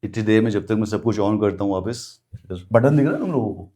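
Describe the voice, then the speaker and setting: A man with an Indian English accent teaching an exam-prep lesson on a live stream, switching rapidly between Hindi and English in a chatty way. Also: fairly low pitch, animated, dark tone.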